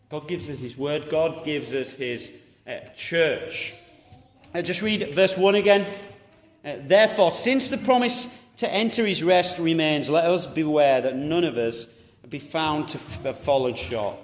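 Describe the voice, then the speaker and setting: High-voiced preacher in an echoey hall. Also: male voice, unhurried. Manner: animated, exhorting, rising to loud urging then dropping quiet. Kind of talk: sermon.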